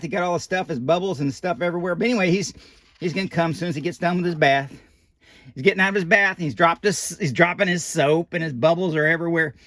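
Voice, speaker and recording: A man's voice: high voice, sharp tone, dry recording, clean studio sound. A man voicing a folksy old animatronic doll who reads a children's picture book aloud with rambling asides and loose grammar.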